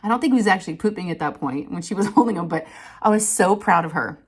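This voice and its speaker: Woman, 30s, chatty crafting vlogger, animated storyteller, laughs often. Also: quick pace, breathy edge. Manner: chatty, animated, laughs often, quotes people in higher voices. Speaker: crafting channel host. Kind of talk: casual storytelling chat.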